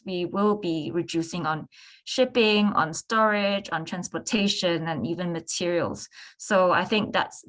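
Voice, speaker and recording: A woman's voice: lowish voice, fairly bright tone. Hesitant young woman panelist. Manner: hesitant, many restarts and fillers. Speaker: artist on a panel. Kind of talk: live panel discussion answer.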